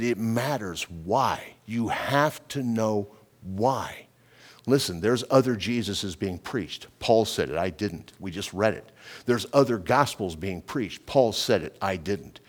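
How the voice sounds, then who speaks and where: A man in his fifties preaching a sermon, telling a folksy story and building to loud, fervent preaching. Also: lowish voice. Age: 50s. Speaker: pastor.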